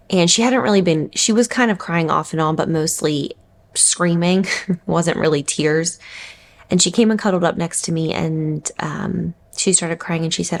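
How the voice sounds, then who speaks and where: A woman's voice: low voice, vocal fry. A woman in her thirties, a mother vlogging, telling a personal story in a candid, reflective, conversational way.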